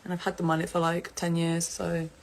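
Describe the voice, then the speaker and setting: Young woman, giggly live streamer, slightly low voice, laughs a lot. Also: completely flat delivery, fairly quick. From England. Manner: giggly and chatty, laughs often. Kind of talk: casual live stream chat.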